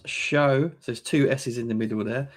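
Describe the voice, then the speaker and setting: A man's voice: medium pitch, fairly even intonation, moderate pace. Man from the UK, podcast co-host, laid-back, short remarks, mid-range voice. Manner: laid-back, brief interjections. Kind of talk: casual tech chat.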